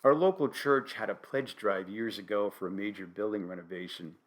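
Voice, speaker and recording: An older man from New Haven, Connecticut, with a New England accent, hosting a solo podcast with dry, wry, deadpan humor. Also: lowish voice, brisk. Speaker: podcast host.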